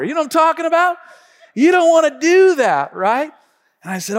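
A man preaching a sermon as a pastor, telling a story with animated energy and calling out to his congregation. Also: very high-pitched, moderate pace. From Tacoma, Washington. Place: church sanctuary. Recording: long reverb of a church hall.

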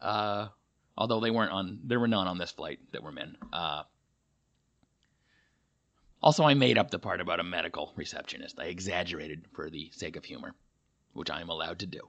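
A man's voice: sits low, brisk, pauses often, fairly bright tone, dull audio. A male comedian talking through a casual, rambling monologue, full of fillers and self-deprecating asides. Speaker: comedian and podcast host.

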